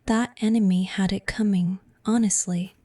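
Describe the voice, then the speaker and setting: A text-to-speech woman's voice playing a cheeky female AI fox streamer in a breathy whispered role-play. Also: mid-range voice, normal speed. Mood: playful. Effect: synthetic text-to-speech voice. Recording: distant with steady background noise.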